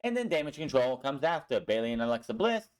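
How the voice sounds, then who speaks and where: A man's voice: mid-range voice, big pitch swings, fast. A young man recapping a wrestling show in a casual, blunt way, swearing often and sounding frustrated with the booking.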